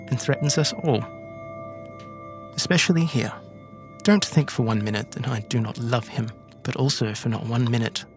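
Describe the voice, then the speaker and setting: In a tabletop game, a man voices an elderly female crime matriarch who speaks quietly and condescendingly. He uses a mid-range voice and acts the role lightly.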